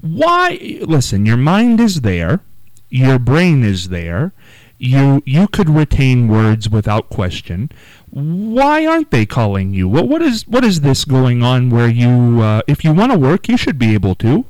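A man hosting an interview who asks his questions haltingly and often restarts them. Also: medium pitch, huge pitch swings, a little mellow, no room sound, rough recording. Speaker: interviewer host.

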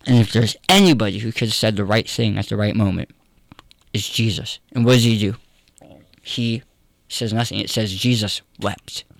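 A pastor telling a personal story in an interview, candid and earnest. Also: male voice, on the low side, normal speed, creaky, dry recording. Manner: candid, earnest, conversational with fillers.

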